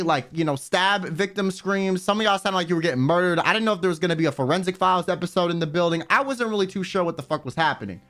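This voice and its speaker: A young man chatting casually on a livestream, telling a story with lots of swearing and sudden high yelps. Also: a bit bright. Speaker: streamer. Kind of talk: casual stream chat.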